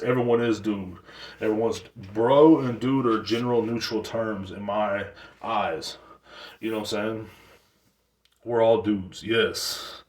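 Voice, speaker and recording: A man in his thirties hosting a talk show, ranting casually in loose, slangy, profane talk with rambling restarts. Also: fairly low pitch. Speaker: show host. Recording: roomy sound from a distant mic.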